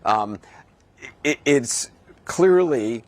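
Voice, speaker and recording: A male news correspondent reporting live, speaking in a halting way with frequent restarts. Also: mid-range voice, expressive. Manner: halting, many restarts and fillers.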